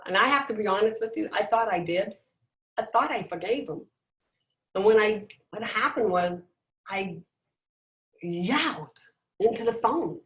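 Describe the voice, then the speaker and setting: A middle-aged woman giving a personal motivational talk, emphatic and dramatic, with deliberate pauses, over a video call. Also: on the high side. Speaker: motivational speaker. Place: indoors, at home on a video call. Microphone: video call microphone. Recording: roomy echo.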